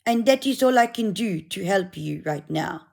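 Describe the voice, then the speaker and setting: A woman voicing a preachy female volunteer in a put-on South African accent, slow and patronizing. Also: medium pitch, animated, vocal fry, a little mellow.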